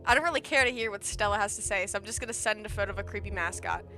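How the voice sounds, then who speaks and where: A woman's voice: medium pitch, racing, pushed and bright, soft background music. A woman streamer playing a story game, chatting casually and reading aloud with self-deprecating jokes. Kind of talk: casual let's-play commentary and reading aloud.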